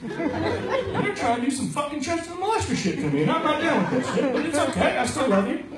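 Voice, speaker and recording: Brash young male comic working a live club crowd, lively high delivery, distant roomy sound with heavy crowd laughter. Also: fairly quick. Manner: crude, brash storytelling with acted-out quotes. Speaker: stand-up comedian. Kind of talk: stand-up set. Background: audience laughter.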